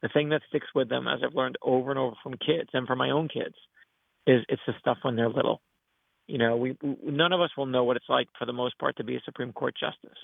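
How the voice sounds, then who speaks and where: A man's voice: mid-range voice, fairly even intonation, fast talker, creaky, slightly rough, no echo. A middle-aged man, a guest author, telling stories earnestly in an interview and acting out the quotes as he goes. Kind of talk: casual interview storytelling. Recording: tinny phone line.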